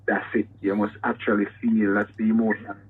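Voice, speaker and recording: A man's voice: lowish voice, little pitch movement, fairly quick. A male singer answers interview questions over a tinny phone line. He talks earnestly, stumbling and restarting his sentences. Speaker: singer, guest.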